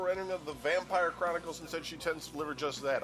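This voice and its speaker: Male host, slightly high voice, reads news and cracks sarcastic asides over music. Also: fast, hardly any pauses, a bit bright. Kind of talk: reading news with banter.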